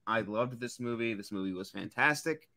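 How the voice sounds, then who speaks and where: A man's voice: medium pitch, moderate pace, sharp tone. A man guesting on a live stream, enthusiastically promoting his podcast in casual chat. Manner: enthusiastic, friendly.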